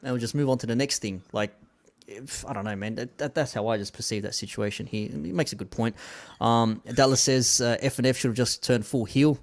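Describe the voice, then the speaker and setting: Reading out viewer comments on his easygoing commentary show, a man speaks at a fairly quick clip with a medium-pitched voice, sprinkling in "man" and "like" a lot.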